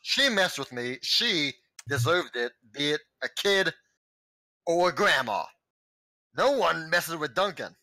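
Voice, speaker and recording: A man voicing a tall, strong, hot-tempered bully who speaks gruffly and threateningly. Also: on the high side, sing-song, slow pace, pushed and bright, no echo, exaggerated voice, poor audio. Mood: menacing.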